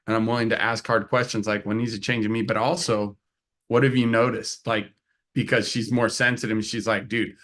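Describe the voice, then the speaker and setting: This is a man co-hosting a casual couples podcast with an animated storytelling manner. He acts out both sides of a conversation and laughs often as he talks. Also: lowish voice, a little fast. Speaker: co-host, couples coach.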